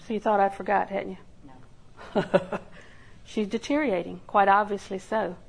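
A woman's voice: medium pitch, steady tone, normal speed, vocal fry, slightly rough, poor audio. An older woman preaching a sermon in a folksy storytelling way, acting out little quotes and laughing along. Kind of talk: sermon with homey stories.

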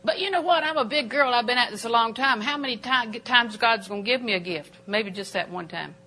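An older woman preaching a sermon in a church auditorium, animated and emphatic, with sudden jumps in pitch. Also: brisk.

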